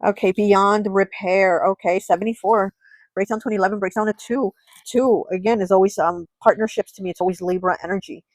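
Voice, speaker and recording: A woman reads tarot cards, thinking aloud and often breaking into surprised exclamations. Her voice sits at a medium pitch and frequently sinks to a soft, low murmur. The recording is dry, with little room sound. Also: fairly even intonation, brisk, no echo, rough recording. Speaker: tarot reader. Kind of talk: pick-a-card tarot reading to camera.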